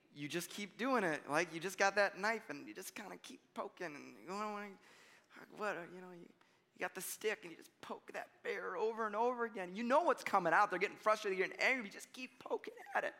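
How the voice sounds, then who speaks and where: A man delivers a sermon with a high-pitched, bright voice. He talks casually, tells stories and chuckles at himself. His words echo with a long reverb through a hall. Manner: conversational, storytelling with self-deprecating laughs. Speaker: pastor.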